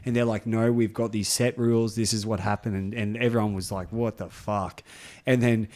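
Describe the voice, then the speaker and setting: A man with a fairly low voice and moderate pace co-hosts a casual podcast. He tells an animated story, swearing a lot and laughing his way through it.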